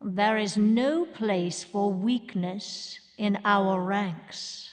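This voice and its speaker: An actress playing a cold, commanding queen, giving stern, drawn-out commands in a game voice clip. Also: mid-range voice. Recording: game voice clip with long reverb.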